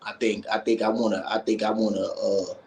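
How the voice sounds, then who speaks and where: A man with a fairly low voice speaks as a livestream guest. He rambles hesitantly, stopping and restarting with plenty of fillers. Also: little pitch movement, brisk, vocal fry, darkish tone.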